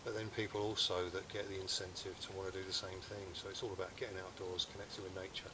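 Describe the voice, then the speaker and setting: A middle-aged British man hosting an outdoors channel, talking in an easygoing, relaxed way from a hammock in the woods. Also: low voice, quick pace, noisy background. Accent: British English. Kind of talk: casual chat to camera.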